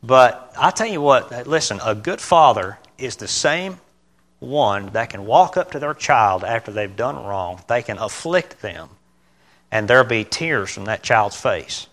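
Middle-aged male lay preacher, informal church sermon, earnest and stumbling with loud outbursts, bright edge. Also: mid-range voice, animated. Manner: earnest, halting, self-correcting, with sudden loud bursts.

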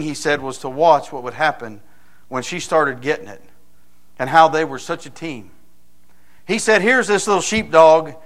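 A male pastor delivers a sermon in a warm, folksy, storytelling way. His voice sits slightly high, and it climbs into loud, emphatic bursts when he drives a point home.

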